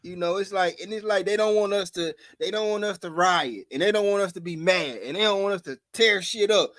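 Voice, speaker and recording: A young man with a high, bright, forceful voice rants on a podcast, swearing freely and hammering the same questions again and again. His voice sounds close and dry. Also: a little fast, hardly any pauses, no echo. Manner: angry, profane, ranting with repeated questions. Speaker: podcast co-host. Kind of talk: heated casual podcast talk.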